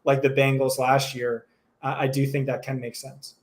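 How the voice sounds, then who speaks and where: A man co-hosting a live stream and chatting casually, brisk and opinionated, often restarting his sentences. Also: mid-range voice, little pitch movement. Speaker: co-host.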